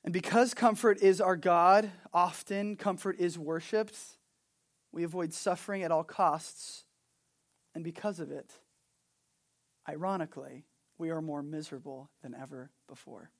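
A man preaching a sermon as pastor, swinging from animated storytelling to hushed, earnest points. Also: a little high, unhurried. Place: Hawaii.

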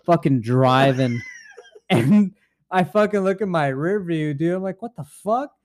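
A man's voice: on the high side, animated, measured pace, darkish tone, a little hiss or hum. A young man hosting a podcast, telling a rambling, profane story with frequent laughs. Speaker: podcast host. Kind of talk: casual storytelling chat.

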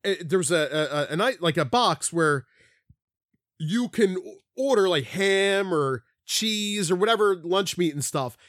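Animated high-voiced man telling rambling stories. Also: a little slow, dry recording, studio quality. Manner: rambling storyteller, swears freely, restarts often. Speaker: podcast co-host. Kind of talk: casual chat.

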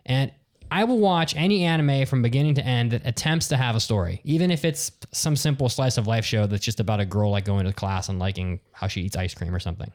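A man's voice: mid-range voice, brisk. A man hosting a casual podcast, talking bluntly and ranting with exasperation. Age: adult with office job. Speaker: podcast host.

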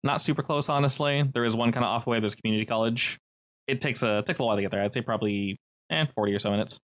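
A man's voice: medium pitch, very fast, fairly bright tone. A man running a tabletop game as game master, describing scenes in a loose, descriptive way with restarts.

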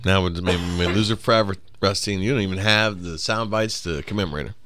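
A man's voice: low-pitched, fast talker, a bit bright, no room sound. A man hosting a comedy podcast, joking in mock-serious, newscaster-style bits. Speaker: podcast host.

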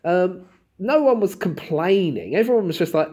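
A man from Southend, a comedian, chatting casually and acting out exchanges in animated anecdotes. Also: high-pitched, normal speed, husky. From Southend, England. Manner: animated storytelling, acts out dialogue. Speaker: comedian and podcast host. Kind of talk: casual chat.

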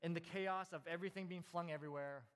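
Male pastor, 30s, slightly high voice, easygoing sermon delivery full of "uh"s and restarts, long church-hall reverb. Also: quick pace. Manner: relaxed storytelling with frequent fillers and restarts. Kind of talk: conversational sermon.

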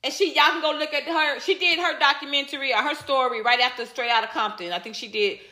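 A high-pitched, bright woman delivers a heated casual rant, blunt and repetitive, now and then swearing. She reads out viewer comments live, and her voice bounces around a roomy, echoey space. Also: quick pace.

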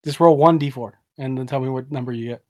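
A man running a tabletop game as game master, matter-of-fact and a little halting. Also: mid-range voice, darkish tone, a little hiss or hum.

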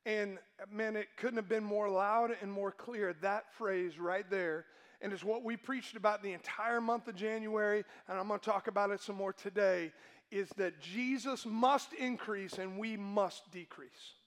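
A man's voice: sits high, steady tone, unhurried, a bit bright. A male pastor preaching a sermon to his congregation, emphatic and asking them questions.

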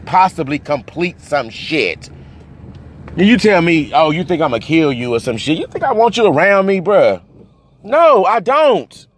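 A man crying and ranting in anger and hurt, swinging between yelling and low muttering, recorded outdoors near traffic. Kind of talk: emotional rant to camera.

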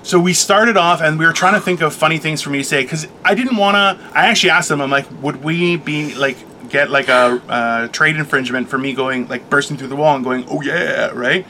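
Man, casual chat, bright slightly high voice, animated storyteller, faint hiss. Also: brisk, hardly any pauses. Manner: animated storyteller, acts out quotes, laughs often.

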